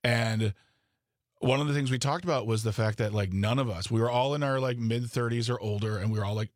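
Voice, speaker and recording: A man's voice: mid-range voice, a little fast, no echo, studio quality. A man in his thirties co-hosting a morning radio show, joking and self-deprecating, often restarting his sentences. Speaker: radio co-host. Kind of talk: casual morning radio chat. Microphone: studio microphone.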